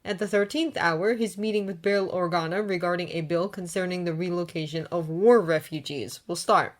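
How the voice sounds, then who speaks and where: A woman narrating fanfiction aloud in a steady, unhurried reading voice. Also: on the low side.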